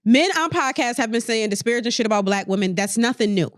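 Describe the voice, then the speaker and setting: A woman's voice: on the high side, animated, quick pace, dry recording, clean studio sound. A woman co-hosting a podcast, arguing her point bluntly and swearing freely in casual debate. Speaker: podcast co-host.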